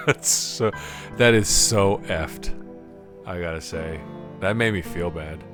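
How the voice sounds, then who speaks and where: A man's voice: deep voice, slow pace, over music. A man giving casual live commentary while playing a video game, chatty and self-deprecating, laughing often at his own mistakes. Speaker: game streamer.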